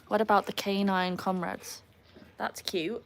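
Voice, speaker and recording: Her voice is mid-range and fairly flat in pitch, a bit slow, with vocal fry. She's a young woman from England and Wales livestreaming beside her home pool with her dogs, chatting, replying to viewers, and whooping loudly at the dog as a pool pump hums amid faint outdoor noise.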